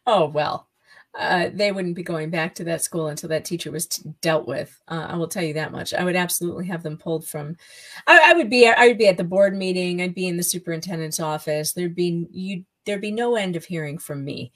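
A woman's voice: lowish voice, fairly quick, low-quality recording. A woman guest on a podcast interview, a writer, speaking in an indignant, emphatic way.

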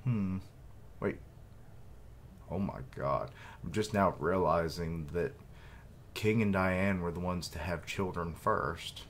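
A man's voice: low-pitched, slow, pauses often, slight background noise. A man streaming a live reaction, reading and commenting casually with many hesitations. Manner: hesitant, with fillers and asides.

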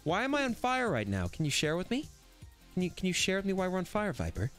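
A man's voice: sits high, huge pitch swings, fast, fairly bright tone, faint music behind, heavily acted. A man voicing his computer's graphics card as a whiny, exasperated complainer.

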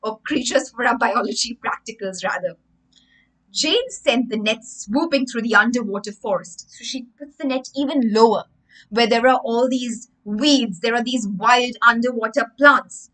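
A young woman narrates a children's story on a live stream. Her voice is bright and a little high, and she keeps pausing to restate lines in easier words. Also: low-quality recording. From India. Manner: explains and rephrases each story line with simpler words. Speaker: storyteller and English teacher.

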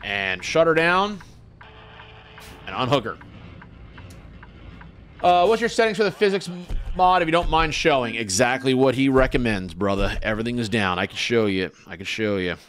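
A man's voice: medium pitch, expressive, moderate pace, pauses often, fairly bright tone. A man hosting a casual gaming livestream, talking in a laid-back folksy trucker way and greeting his chatters. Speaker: livestream host.

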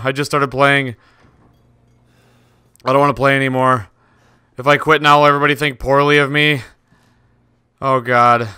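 A man's voice: mid-range voice, steady tone, fairly quick, pauses often, sharp tone, smooth, dry recording, clean studio sound. A man giving jittery, swearing commentary to himself as he plays a horror game. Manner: jittery, swearing, talks to himself while playing. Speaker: let's play gamer.

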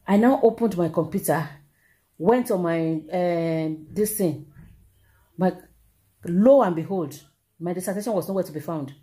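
A middle-aged Nigerian woman vlogging, telling a personal story in an animated, exclamatory way and repeating herself for emphasis. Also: fairly low pitch, a little slow, pauses often. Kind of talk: casual storytelling to camera.

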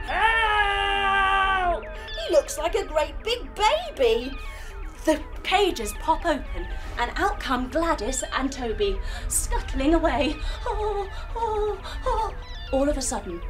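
A woman telling a guided yoga story for children, playful and animated with sound effects. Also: very high voice. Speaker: kids' yoga instructor and storyteller.

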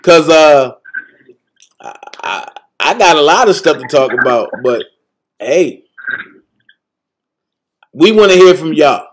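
A man's voice: fairly high pitch, very animated, a little slow, pauses often, a little hiss or hum. A man hosting a live-stream talk show, speaking in laid-back, slangy street talk. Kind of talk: casual live-stream chat.

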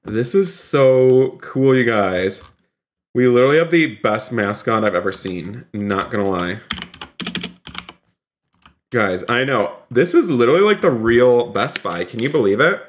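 A man streaming a role-play game live, excitable, talking to his chat and repeating himself. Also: mid-range voice, unhurried, a little hiss or hum. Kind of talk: live gameplay commentary.

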